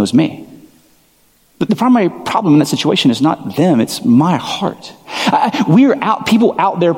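A man's voice: on the high side, a little mellow. Conversational male pastor in reverberant hall. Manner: conversational, self-deprecating storytelling. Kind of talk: sermon.

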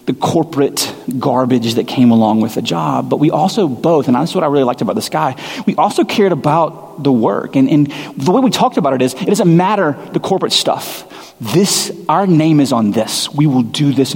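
Male pastor, forties, casual rambling storyteller, husky tone, long reverberant church sound. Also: a little high, a little mellow. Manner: casual, self-deprecating storyteller with many restarts. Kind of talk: sermon with storytelling.

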